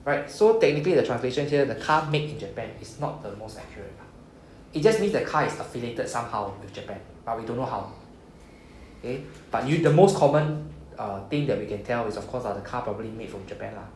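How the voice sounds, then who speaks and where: A man's voice: mid-range voice, lively intonation, quick pace, darkish tone. A man with a Singaporean English accent teaching a beginner Japanese class in a classroom, checking in often with "okay?" and "right?". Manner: explains patiently, frequent "okay?" and "right?" checks. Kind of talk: classroom lesson. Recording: echoey room, faint background noise.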